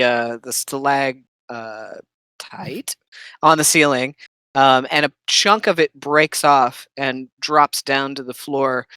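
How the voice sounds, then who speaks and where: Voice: mid-range voice, pushed and bright, clean tone, dry recording. A game master running a tabletop game, patiently checking rules aloud between bits of narration.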